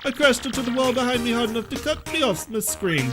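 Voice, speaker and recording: A man putting on a deliberately poor Italian accent to voice a boastful young plumber telling a story, chummy and calling the listener bro. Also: extremely high pitch, expressive, music in the background, voice pushed up. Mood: boastful storytelling. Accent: mock Italian. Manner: chummy, says bro a lot.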